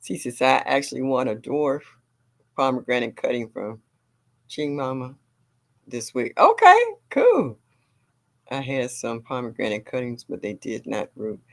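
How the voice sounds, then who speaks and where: A woman's voice: very deep voice, steady tone, moderate pace. An older woman hosting a gardening livestream, chatting casually and reading viewer comments aloud. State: a little sore.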